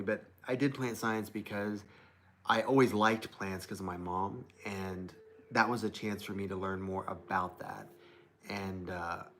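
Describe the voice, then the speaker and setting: A young man hosts a casual livestream from an indoor desk surrounded by plants, thinking out loud and reading chat comments off his laptop. His voice sits lowish with a fairly bright tone, picked up by the laptop's built-in mic.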